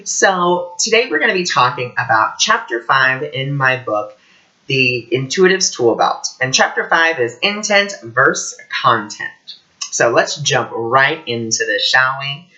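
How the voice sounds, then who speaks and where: A man giving a casual teaching vlog as an intuitive teacher, telling stories in an animated way. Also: medium pitch, a little slow, lo-fi sound. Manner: animated storytelling.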